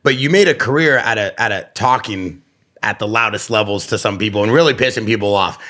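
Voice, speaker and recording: A man's voice: fairly low pitch, a little fast, bright, forceful tone. A man hosting a podcast, asking eager questions and praising his guest in casual talk. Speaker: podcast host. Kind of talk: casual interview.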